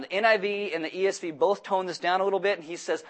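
A man giving a sermon, animated and jokey, mixing scripture reading with humorous asides. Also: high-pitched, quick pace, few pauses. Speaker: pastor.

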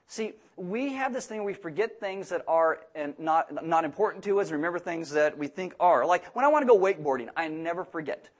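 A young man preaching a sermon, joking and acting out quoted people in animated voices. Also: fairly high pitch, a little fast, hardly any pauses. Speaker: pastor.

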